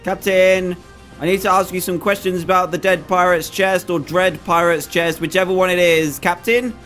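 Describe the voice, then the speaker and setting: A man giving excitable, chatty commentary over his own gameplay, with frequent exclamations. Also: high-pitched, moderate pace, soft background music. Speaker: gaming video host. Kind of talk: let's play commentary.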